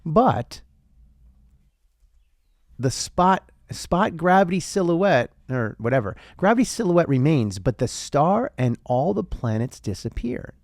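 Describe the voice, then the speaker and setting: A man's voice: on the high side, sing-song, takes it slowly, darkish tone, dry recording, studio quality. A man hosting a casual philosophical monologue in a playful, theatrical way, with the odd swear word. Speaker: podcast host.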